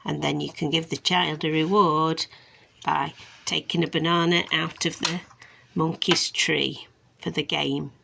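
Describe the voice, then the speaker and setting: A woman speech and language therapist from England, teaching parents sound awareness games in a slow, careful way and stretching out words to model them. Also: low-pitched, little pitch movement, gravelly, bright, forceful tone, slight background noise. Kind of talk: instructional demonstration for parents.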